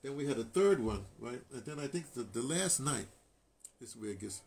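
An older man, a radio artist, telling a long personal story in an animated, emotional way, full of restarts and asides. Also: mid-range voice, brisk, gravelly.

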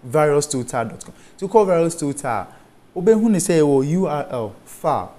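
A Ghanaian man with a slightly high voice speaks as a studio interview guest. He explains online safety in a patient, step-by-step way and spells technical terms out letter by letter. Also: very animated, moderate pace, dark tone. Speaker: cybersecurity guest.

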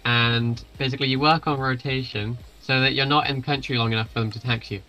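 A man in voice chat on a game stream, bantering with dry, quick-witted remarks. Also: mid-range voice, fairly even intonation, pushed and bright, highs cut off, soft background music. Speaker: friend in voice chat.

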